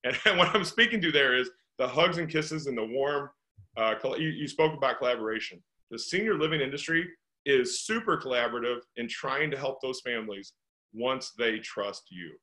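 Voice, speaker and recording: A man's voice: mid-range voice, animated, moderate pace, pushed and bright, poor audio. A middle-aged man from St. Louis, a real estate investor being interviewed, talking earnestly and piling up rhetorical questions. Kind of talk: conversational interview.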